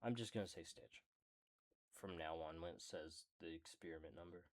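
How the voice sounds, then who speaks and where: A man casually reading a character book aloud, often stumbling over words, correcting himself and apologizing. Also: low voice. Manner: slow, halting reading. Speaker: hobby reader of a character book. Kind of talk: casual read-aloud with asides.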